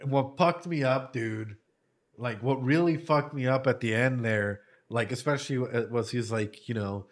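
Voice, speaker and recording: A man doing casual reaction commentary in an ordinary mid-pitched voice. He curses freely and breaks into laughter often. He sounds emotional as he tells a heartfelt story. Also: normal speed. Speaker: anime reaction host.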